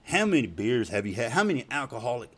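A man quoting a stiff, formal highway patrolman. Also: very animated, quick pace, a bit bright, breathy edge. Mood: stern. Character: stern male highway patrol officer, formal.

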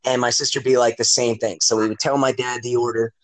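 A man's voice: mid-range voice, flat delivery, fast, low-quality recording. A man hosting a podcast in casual chat, rambling and profane, with many fillers and restarts. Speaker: podcast host.

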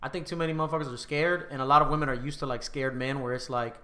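A man's voice: mid-range voice, steady tone, racing, pushed and bright, reverberant. A man with a Southern US accent, hosting a podcast, talking casually in a bold, emphatic, profane way. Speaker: podcast host. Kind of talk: casual chat.

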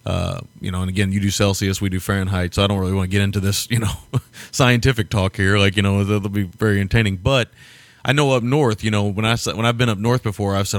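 A man from the States chats loosely about a film on a podcast. His voice sits a little low, and it sounds close and dry with no room around it. He rambles, laughs a lot and lets the odd swear word slip. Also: fairly even intonation, fast talker, no room sound. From United States. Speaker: podcast co-host. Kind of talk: casual film review chat.

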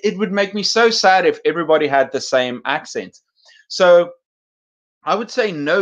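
A man's voice: on the high side, fairly bright tone, dull audio. A male teaching-channel host giving casual, thoughtful advice to teachers, with a mixed British and American accent and frequent fillers.

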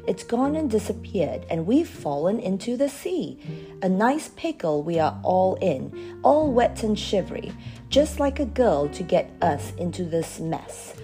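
A woman's voice: mid-range voice, big pitch swings, unhurried, mellow, soft background music. Woman doing a cross little pixie. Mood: angry. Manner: scolding, insistent.

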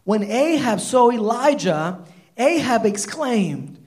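A man preaching a sermon, retelling a Bible story in animated, casual storytelling with lots of "like". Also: high-pitched, moderate pace. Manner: animated storytelling, many fillers like "like". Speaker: pastor.

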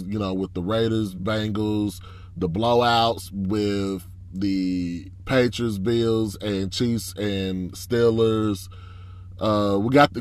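Congested low-voiced man hosting a podcast. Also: fairly even intonation, takes it slowly, a little mellow. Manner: frank and frustrated, with laughs. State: fatigued. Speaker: podcast host. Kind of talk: casual sports talk.

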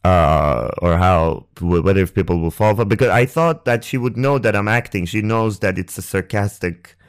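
A young man hosting a podcast, telling a personal story on a close microphone in a halting, rambling way, with restarts and swearing. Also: low-pitched, clean tone. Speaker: podcast host. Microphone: close ASMR microphone.

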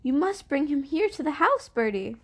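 A woman's voice: high-pitched, very animated, normal speed, voice pushed up. A woman reading aloud, voicing an anxious, reasonable mother in a storybook, with pleading, rising questions. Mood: urgent.

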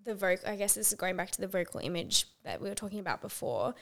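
A woman's voice: medium pitch, big pitch swings, fast, creaky, fairly bright tone. A young woman co-hosting a casual chat podcast, upbeat and agreeable as she gives advice. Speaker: podcast co-host.

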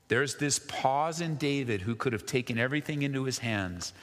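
A man's voice: medium pitch, expressive, normal speed, hardly any pauses, fairly bright tone, big-room sound. Impassioned male pastor preaching. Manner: impassioned, rising to emphatic peaks. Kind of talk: sermon.

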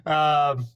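A man, a beekeeper and podcast host, telling stories in a casual interview, animated and self-deprecating, acting out the people he quotes. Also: a little high, smooth, dry recording. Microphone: remote call recording.

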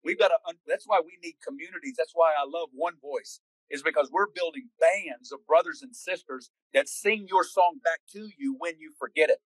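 A man speaks as a guest preacher, urging and exhorting with fervor. His voice sits fairly high, and the recording is dry and close. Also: normal speed, hardly any pauses, no echo, poor audio. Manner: impassioned, exhorting. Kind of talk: fervent preaching in conversation.

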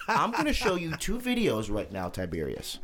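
A man hosting a podcast in casual chat, slangy and excitable with loud outbursts. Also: on the high side, normal speed. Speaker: podcast host.

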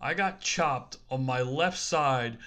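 A man co-hosting a podcast in casual chat, easygoing, halting with fillers and laughing often. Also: medium pitch, bright, forceful tone. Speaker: podcast co-host.

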